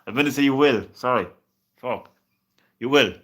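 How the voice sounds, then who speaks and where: Bright-voiced young man chatting on stream. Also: medium pitch, normal speed. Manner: reassuring, says "man" constantly, stumbles and repeats words. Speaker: game streamer. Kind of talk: casual live-stream chat.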